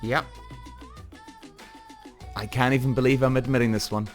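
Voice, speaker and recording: A man hosting a podcast in a casual monologue, animated, swearing freely and acting out his own thoughts. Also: medium pitch, normal speed, soft background music. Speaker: podcast host.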